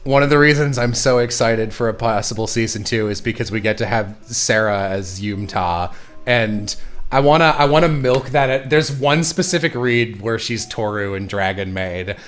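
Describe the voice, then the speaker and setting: A man's voice: lowish voice, normal speed, a bit bright, soft background music. A man hosting a casual livestream chat, retelling stories with lots of laughter and quoted voices. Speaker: show creator and stream host.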